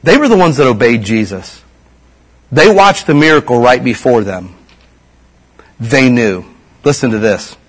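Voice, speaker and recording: A man's voice: medium pitch, lively intonation, a little slow, long pauses, husky. A middle-aged man giving a casual, folksy sermon as a pastor, full of slang and repeated asides.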